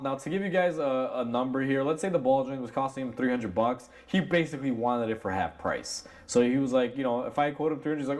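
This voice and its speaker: A man's voice: medium pitch, brisk, few pauses, a little mellow. A man, a mechanic, casually telling a story from his shop straight to camera, candid and conversational, full of "you know" and "like" as he acts out both sides of the exchange. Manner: many fillers like "you know" and "like". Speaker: auto mechanic, shop owner.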